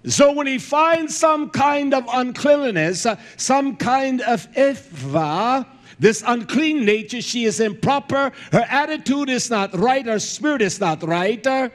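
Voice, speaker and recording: A man preaching a fiery sermon, emphatic and blunt, often shouting and filling pauses with "uh". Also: extremely high pitch, animated. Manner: fills pauses with "uh" and repeated words.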